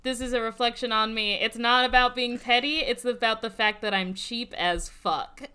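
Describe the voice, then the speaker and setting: A woman's voice: fairly high pitch, fairly even intonation, normal speed, pushed and bright, clear, resonant tone. A young woman in casual chat, self-mocking, laughing often.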